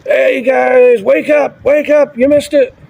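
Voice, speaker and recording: A man voicing a cocky young male warrior who mockingly taunts sleepy guards in a high, shouted voice. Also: fairly even intonation, slow pace, gravelly, highs cut off, exaggerated voice. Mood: taunting.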